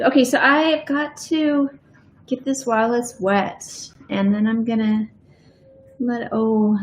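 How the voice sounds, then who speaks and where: A fairly high-pitched woman chats casually on a live stream while painting in her home art studio, her unhurried talk full of fillers and trailing into a murmur as she works. A little hiss or hum runs under the audio, the room echoes, and soft music plays behind her.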